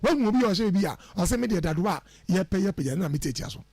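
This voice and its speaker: Husky man giving animated life advice. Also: sits high, fast, dry recording. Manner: lively, mixes English phrases into his talk. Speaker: radio guest speaker. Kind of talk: preachy life advice on radio. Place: radio studio.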